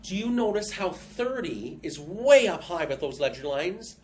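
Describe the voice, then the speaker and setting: Slow-talking piano teacher woman. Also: on the low side, big pitch swings, darkish tone, slight background noise. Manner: counts beats aloud and scats rhythms; patient, encouraging. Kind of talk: online music lesson. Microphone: video call.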